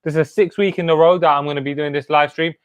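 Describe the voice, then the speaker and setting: A man's voice: on the high side, steady tone, quick pace, clear, resonant tone, dry recording, dull audio. A man in his twenties hosting a live stream. He chats casually and greets viewers by name with street slang. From United Kingdom. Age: 20s. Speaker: host.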